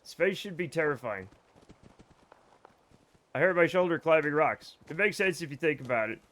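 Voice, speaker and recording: A man chats loosely with his live viewers while he plays a video game. His voice sits a little higher than most men's, and he rambles, jokes and swears without a second thought. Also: expressive, normal speed, a bit bright. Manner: rambling, joking, swears freely. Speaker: streamer. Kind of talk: casual let's-play chat with viewers.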